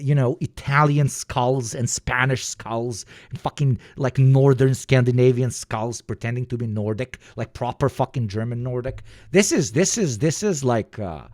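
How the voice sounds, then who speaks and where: A man's voice: mid-range voice, darkish tone, no room sound, clean studio sound. A man streaming live reaction commentary, rambling and swearing with laughing asides.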